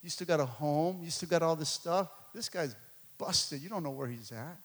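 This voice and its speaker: A man voicing a calm, loving father who gently reassures his faithful son. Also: a little high, normal speed, in a large hall, pitched below the performer's own voice, close to an everyday voice. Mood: reassuring. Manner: gentle, coaxing.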